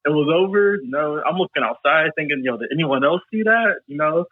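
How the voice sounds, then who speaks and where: A man chatting casually as a podcast guest, telling animated stories and laughing often. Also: fairly high pitch, a little fast, no room sound. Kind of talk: casual chat. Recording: tinny phone-like line.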